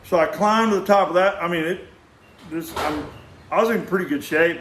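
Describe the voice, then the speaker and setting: An older man with a drawl tells a long personal anecdote, animated and acting out the sounds. He often starts a sentence over. His voice sits a little high and rings in a roomy, echoing space. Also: moderate pace, noisy background. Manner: animated, acts out sounds, many restarts. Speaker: storyteller.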